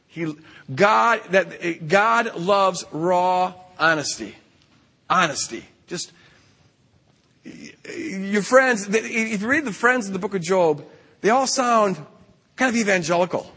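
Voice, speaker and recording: A man giving an animated sermon at a retreat camp, acting out the voices in the stories he tells. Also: high voice, measured pace, husky, long reverb tail. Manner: animated, acts out quoted voices. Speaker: retreat speaker.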